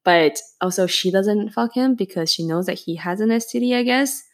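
A woman co-hosting an easygoing podcast, recapping a listener's story with frank, salty remarks. She teases her co-host playfully. Her voice rests at a middle pitch. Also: moderate pace. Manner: blunt and profane, playful teasing. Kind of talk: casual chat.

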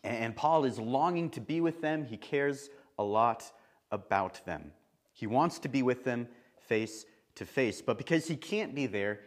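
A man preaching a sermon in church, chatty and lively, with laughing asides. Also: mid-range voice.

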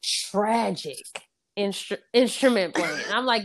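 Brief: woman host, fairly high voice, lively and laughing, acts out movie characters. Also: a little slow. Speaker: podcast host. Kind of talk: casual chat.

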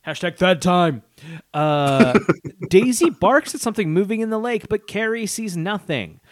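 A man's voice: high-pitched, expressive, normal speed, no room sound. A man co-hosting a casual podcast, reading a plot summary aloud with joking asides and frequent laughter. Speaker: podcast co-host.

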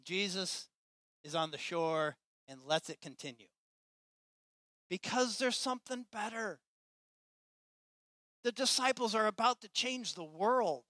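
A man preaching a sermon to his church with passion, swinging between loud, emphatic lines and quiet, hushed ones. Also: sits high, lively intonation, a little slow, pauses often, dry recording. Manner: impassioned, swinging from loud to soft. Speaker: pastor.

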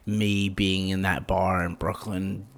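A man co-hosting a podcast in casual chat, talking in halting, trailing phrases. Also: low voice, little pitch movement, fairly bright tone. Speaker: podcast co-host.

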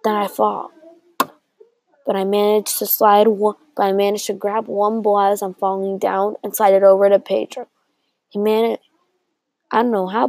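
Gravelly-voiced young woman rambling through a story. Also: mid-range voice, a little mellow, no room sound, poor audio. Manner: rambling, with restarts and quoted dialogue. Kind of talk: telling a made-up story aloud.

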